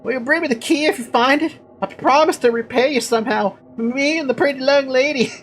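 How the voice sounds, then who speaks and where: A woman's voice: high-pitched, fairly quick, a little hiss or hum, pitched above the performer's own voice, lightly acted. A woman doing a stuttering timid violinist man. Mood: pleading. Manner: heavy stutter, pleading. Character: timid stuttering male village violinist, lovesick.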